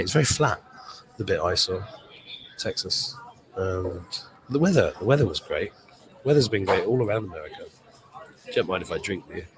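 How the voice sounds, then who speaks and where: A man with a somewhat low voice talks in a loose, rambling livestream chat. He swears freely and reads out viewer comments as he goes, recorded at an airport. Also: a bit bright, low-quality recording. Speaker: show host.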